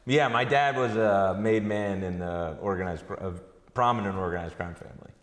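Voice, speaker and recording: A man's voice: on the low side, normal speed. A man from North Jersey chatting easily in an interview, often laughing as he talks. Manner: laughing, easygoing, jokey. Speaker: guest comedian. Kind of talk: casual interview chat. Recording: echoey hall.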